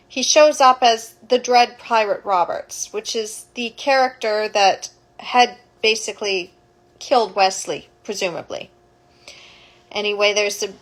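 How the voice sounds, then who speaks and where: A woman's voice: medium pitch, a bit bright, poor audio. A woman, a childbirth educator, retelling a story casually, rambling and correcting herself as she goes.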